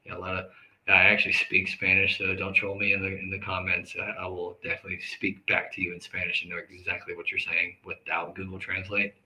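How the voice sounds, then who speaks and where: A man hosting a live talk show, speaking earnestly and conversationally about grief and forgiveness, with sudden loud outbursts and quick asides. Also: deep voice, monotone, poor audio.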